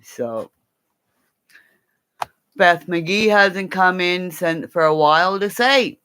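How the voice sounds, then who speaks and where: A woman's voice: on the low side, animated, takes it slowly, fairly bright tone, clear, resonant tone. A woman from Canada ranting angrily to camera in a profane, rambling monologue. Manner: profane and angry; rambling, jumps between topics. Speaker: vlogger.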